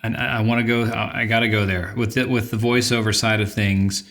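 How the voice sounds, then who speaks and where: A man hosting a casual interview, asking eager questions and filling pauses with "like" and "you know". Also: lowish voice, fairly even intonation, a bit bright. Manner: eager questions, frequent likes and fillers. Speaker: podcast host.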